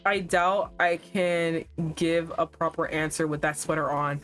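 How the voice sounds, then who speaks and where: A woman streaming a dating game, reading its text aloud and reacting with animated, laughing remarks. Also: fairly low pitch, moderate pace, few pauses, soft background music.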